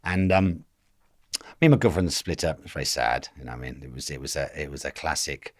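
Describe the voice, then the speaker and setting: Man, 50s, from England, rapid rambling anecdotes, dry close sound. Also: extremely low pitch, dry recording. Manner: rambling, acts out quoted voices. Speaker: guest. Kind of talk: casual storytelling interview.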